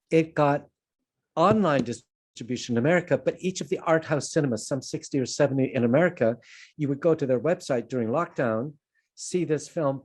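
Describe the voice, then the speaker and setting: An older man from Canada talks through a filmmaking lecture on a video call. His voice sits at an everyday middle pitch. He wanders from point to point and pokes fun at himself along the way. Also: a little mellow, slightly rough. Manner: anecdotal, self-deprecating, digressive. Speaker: film producer and lecturer. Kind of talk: online conference talk.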